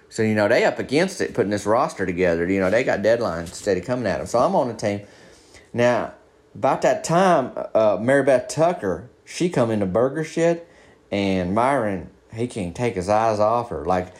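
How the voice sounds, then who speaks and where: A man with a lowish, expressive voice at normal speed delivers a rambling comic story as a first-person, in-character monologue. His telling is folksy and down-home, in a Southern drawl, and he slips into voices for his friends.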